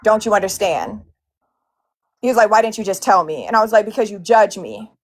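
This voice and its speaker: A woman's voice: mid-range voice, animated, fairly quick, slight background noise. A woman casually recounting a heated fight with many fillers and restarts. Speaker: guest telling her side.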